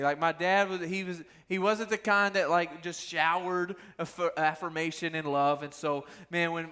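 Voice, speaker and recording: A young man preaching to a youth group in a relaxed, storytelling way. His voice sits a little high and has a bright, forceful edge. He turns to the crowd again and again with questions. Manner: animated storytelling, talks straight to the crowd. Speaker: youth pastor. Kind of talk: casual youth sermon.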